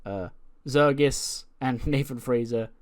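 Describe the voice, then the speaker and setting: A man's voice: mid-range voice, slow pace. A chatty man narrating a wrestling management game, breaking into laughs as he talks. His voice sits in a middle register with plain, easygoing delivery. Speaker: gaming video host.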